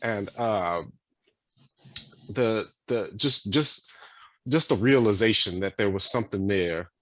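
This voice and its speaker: A man's voice: fairly low pitch, slow pace, fairly bright tone, a little hiss or hum. A man co-hosting a podcast, talking casually and earnestly, repeating himself with lots of fillers. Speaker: podcast co-host. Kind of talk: casual chat.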